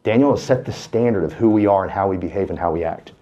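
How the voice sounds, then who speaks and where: Low, dark-voiced man, fired up. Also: quick pace, muffled recording. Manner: folksy and fired-up, preacher-like urging. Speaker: real estate team speaker. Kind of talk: motivational speech to a live audience.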